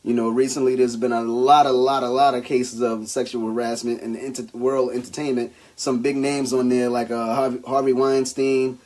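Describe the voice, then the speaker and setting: A man co-hosting a podcast in casual banter, animated and slangy, acting out the quotes in his stories. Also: medium pitch, normal speed, few pauses. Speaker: podcast co-host.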